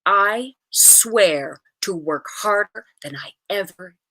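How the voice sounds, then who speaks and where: A woman puts on a middle-aged male schoolteacher who is theatrical and strict. He barks orders briskly and leans into every word with a lively, swooping delivery and a bright edge. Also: mid-range voice, full character voice. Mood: commanding. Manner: brisk, commanding, dramatic.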